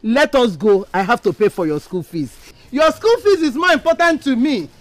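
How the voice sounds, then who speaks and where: A woman's voice: on the high side, expressive, moderate pace, dry recording, lightly acted. A woman playing a firm Nigerian mother. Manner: firm, reassuring. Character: determined mother set on paying school fees. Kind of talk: film drama acting.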